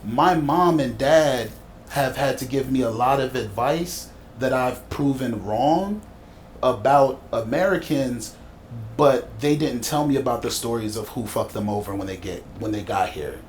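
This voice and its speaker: A man's voice: mid-range voice, a little slow, a little hiss or hum. A man talking in a thoughtful, reflective way during a casual podcast conversation.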